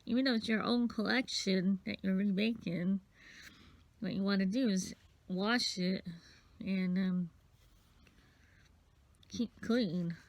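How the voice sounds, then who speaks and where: A woman's voice: mid-range voice, takes it slowly, long pauses, no echo. A sniffly woman casually rambling through a bead-bracelet craft tutorial, counting beads aloud as she works. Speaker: craft vlogger.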